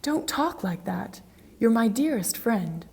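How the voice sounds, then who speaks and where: A woman's voice: on the high side, animated, takes it slowly, vocal fry, a little mellow, breathy edge, full character voice. A woman reading as an earnest devoted painter. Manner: earnest, reproachful. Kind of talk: graded reader audiobook acting.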